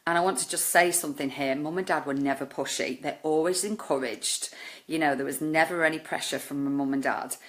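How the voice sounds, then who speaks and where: A woman's voice: low voice, brisk. A woman, earnestly telling a personal story with many fillers. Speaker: life coach.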